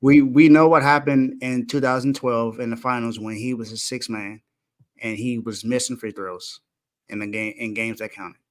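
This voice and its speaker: A man's voice: medium pitch, fairly even intonation, normal speed. A man co-hosting a sports podcast in casual talk, building his argument point by point with emphasis.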